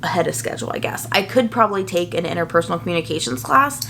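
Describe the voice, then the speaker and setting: A young adult woman, a nursing student, chatting casually and earnestly to her viewers, full of fillers and quick asides. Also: fairly low pitch, lively intonation, gravelly, a bit bright, slight background noise. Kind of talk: casual chat to camera.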